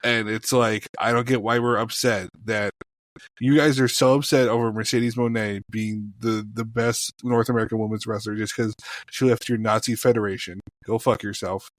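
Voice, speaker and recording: A man's voice: lowish voice, steady tone, moderate pace, no echo. Profane ranting man, dry sound. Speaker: podcast co-host. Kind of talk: casual chat.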